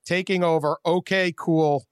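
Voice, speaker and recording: High-voiced guy hosting a sports podcast, laughs a lot, dry sound. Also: unhurried, clear, resonant tone, no echo. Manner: animated, laughs often. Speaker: podcast host. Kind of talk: casual sports podcast chat.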